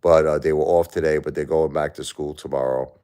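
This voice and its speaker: A grieving man talking to his viewers on a live stream, halting and repeating himself. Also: a bass voice, steady tone, warm tone, smooth. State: grieving, stressed. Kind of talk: emotional live-stream chat.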